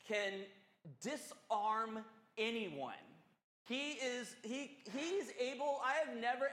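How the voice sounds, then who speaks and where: A male pastor delivers a sermon, telling a story to his congregation in an animated, earnest, conversational way. His voice sits high for a man, and a long reverb trails each phrase through the church hall. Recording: echoey hall.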